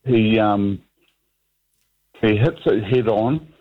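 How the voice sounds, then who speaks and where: Slow, low New caller on a phone line. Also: male voice, slightly rough. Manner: rambling, hesitant, many ums and restarts. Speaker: radio caller. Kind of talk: talkback radio call.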